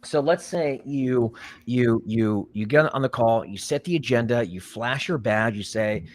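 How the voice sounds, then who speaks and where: A man hosting a live online show about recruiting, talking in a loose, casual way. He keeps restarting his sentences and fills the gaps with ums and uhs. His voice sits at an ordinary middle pitch. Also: unhurried. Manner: rambling, many restarts and fillers. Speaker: podcast host, recruiter. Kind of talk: casual live-stream chat.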